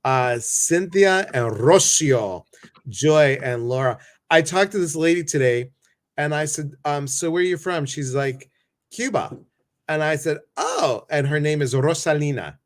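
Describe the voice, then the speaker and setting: A man's voice: mid-range voice, moderate pace. A man hosting a live stream, chatting casually and greeting viewers one by one by name.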